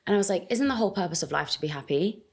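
A young woman with a notably low voice, talking in a relaxed interview. She is expressive and animated, speaking with an outspoken directness. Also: rapid-fire, gravelly, slightly rough. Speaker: podcast host, guest. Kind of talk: casual interview conversation.

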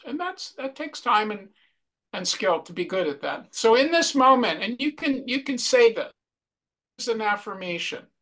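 Bright-voiced man teaching mindfulness. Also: high-pitched. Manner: slow, repetitive, reflective delivery. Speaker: wellness workshop presenter.

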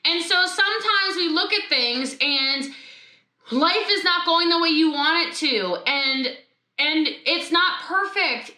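A woman giving an animated, emphatic motivational talk over a video call, telling a story with asides. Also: very high-pitched. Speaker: motivational speaker. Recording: roomy echo.

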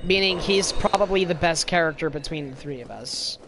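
A man in casual gaming chat with a monotone voice, explaining game rules with many restarts. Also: a little high, a little fast, noisy background. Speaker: gamer.

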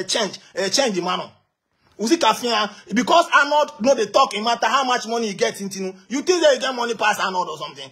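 A Ghanaian man rants in a husky, strikingly high voice, taunting his target in pidgin. He flares into shouts in bursts before dropping back to scornful muttering. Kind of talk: heated rant.

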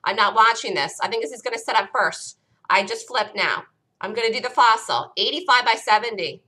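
A woman hosting a live day-trading room, calling out entries and stops in an urgent, rapid-fire way, her voice worn and close to giving out. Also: fairly high pitch, lively intonation, pushed and bright. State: losing her voice. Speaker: day-trading show host.

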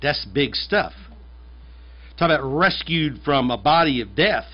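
A man's voice: on the high side, animated, measured pace. A man from the United States, a pastor, preaching a conversational and emphatic sermon, often repeating his phrases. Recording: dull lo-fi sermon recording.

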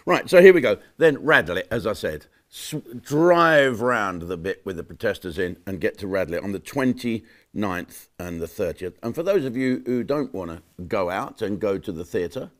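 A middle-aged comedian talks straight to camera in a brash, mocking monologue. His voice sits fairly low. He jumps from loud jokes to quiet muttered asides. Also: lively intonation, normal speed. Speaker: comedian hosting his own channel.

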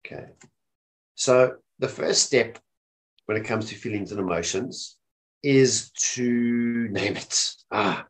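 A man's voice: on the low side, slow pace. A man presenting a casual webinar on mental health, often checking in with his listeners by asking "okay?". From South Africa. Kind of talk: informal talk on mental health. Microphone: webinar microphone.

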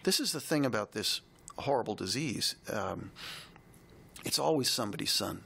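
Gravelly, husky man telling a story. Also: lowish voice, animated, pushed and bright. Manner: reflective, halting, emotional retelling. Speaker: podcast co-host and storyteller. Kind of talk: heartfelt personal storytelling.

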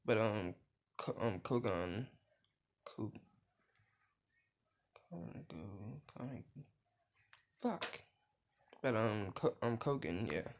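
A man's voice: fairly low pitch, lively intonation, slow, creaky, long pauses, darkish tone, slight background noise. A man casually retelling a fan story he made up, rambling, losing his thread and swearing now and then.

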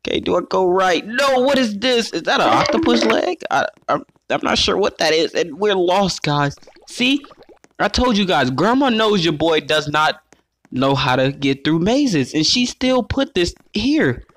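A man giving playful let's play commentary, excitable and talking straight to his viewers as he plays. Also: high voice, moderate pace. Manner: excitable, calls himself "your boy", keeps addressing viewers as guys. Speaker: gaming YouTuber.

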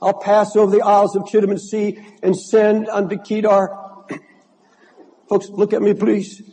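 An older male pastor in full sermon, his voice husky and mellow yet pitched high. He preaches with passion, doubling back on words as he drives each point home. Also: completely flat delivery, unhurried, rough recording. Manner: impassioned preaching, repeats words.

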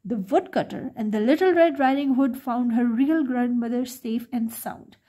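Gentle woman reading a bedtime story. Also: on the high side, moderate pace. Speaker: children's storyteller. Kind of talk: bedtime story read aloud.

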